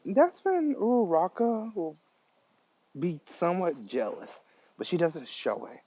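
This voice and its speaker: Male storyteller, slow and halting, dull lo-fi recording. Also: on the high side, very animated, warm tone. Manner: halting, many fillers. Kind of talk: improvised fan story narration.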